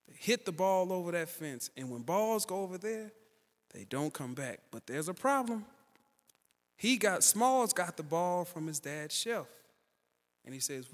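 A man preaches a sermon in a large hall, telling a story animatedly and growing louder and higher in pitch as he builds toward each peak.

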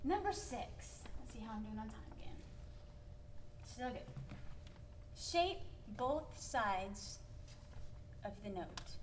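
A woman's voice: on the high side, big pitch swings, moderate pace, mellow, far from the mic, slight background noise. A woman from Minnesota with a Minnesotan accent, giving a chatty piano lesson with playful emphasis and laughing asides. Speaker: piano teacher. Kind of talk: workshop lesson on piano playing.

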